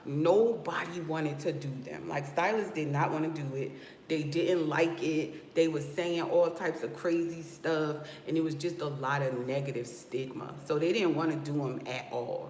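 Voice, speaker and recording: A loc stylist from Newark, New Jersey talks casually with her livestream viewers, sassy and animated, calling them "y'all" and asking "okay?". She has a low voice and a West Coast hip-hop inflected American accent. The recording has roomy echo, faint background ambience, and slight hiss or hum.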